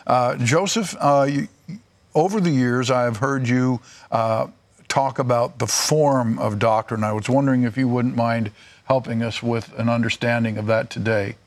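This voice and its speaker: A man leading a Bible study discussion, teaching in a measured way with frequent pauses. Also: mid-range voice, fairly even intonation.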